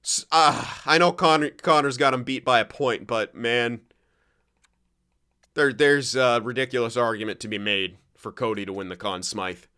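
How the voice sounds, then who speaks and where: A young man commenting on his own hockey video game play, excitable and foul-mouthed, swinging from loud cheering to low grumbling. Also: moderate pace, clear, resonant tone. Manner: excitable, swears often, swings between shouting and grumbling. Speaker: gaming commentator.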